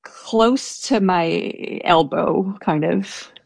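A woman's voice: on the low side, extremely slow, vocal fry, slightly rough, dry recording, studio quality. A young woman telling a personal story in casual chat, hesitant, with many fillers and restarts. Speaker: storyteller guest. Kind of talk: casual anecdote.

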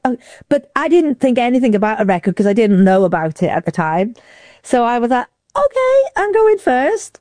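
A woman from Wales recounts a story in casual conversation, jumping high in pitch whenever she acts out what people said. Her voice is mellow and warm, recorded close and dry with no room sound. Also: no room sound. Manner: lively, acts out quotes with big pitch jumps. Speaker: interview guest.

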